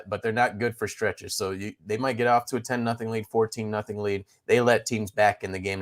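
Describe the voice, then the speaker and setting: A man with a fairly low voice lays out his college football and basketball picks. He talks in a steady, analytical way, rattling off point spreads and records. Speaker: sports betting analyst. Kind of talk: sports betting picks breakdown.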